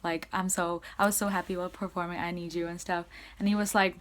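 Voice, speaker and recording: Excitable young woman recapping casually. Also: fairly low pitch, fast talker. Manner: chatty, excitable, many "like"s, swings loud to soft. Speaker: vlogger. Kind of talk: casual fan recap to camera.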